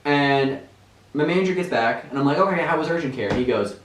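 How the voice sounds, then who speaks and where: Roomy, animated young man telling stories. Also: mid-range voice, fast talker, slight background noise. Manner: animated, laughing storyteller with many fillers. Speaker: podcast co-host. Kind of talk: casual storytelling chat. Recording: roomy, distant mic.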